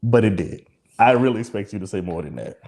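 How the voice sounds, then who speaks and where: A man's voice: lowish voice, lively intonation, fast talker, gravelly, a little mellow. A man co-hosting a podcast, talking in a candid, emotional and profane way and laughing often. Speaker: podcast co-host. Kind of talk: candid casual chat.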